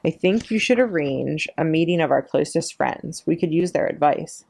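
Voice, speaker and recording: A gentle, battered female robot from a storybook, speaking in a measured, earnest tone, as a woman reads her part aloud. The voice sits low with a gravelly edge, and the sound is close and dry. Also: animated, no room sound, full character voice. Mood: calm, earnest.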